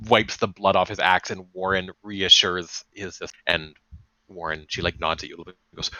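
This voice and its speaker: A man narrating as game master in a casual, profane, animated way. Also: low-pitched, brisk, no echo, low-quality recording.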